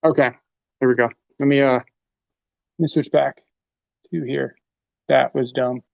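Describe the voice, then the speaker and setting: A man's voice: medium pitch, fairly even intonation, unhurried, gravelly, dry recording. A man hosting a live tool demonstration, talking casually while he handles his gear. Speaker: host demonstrating tools. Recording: dull lo-fi livestream audio.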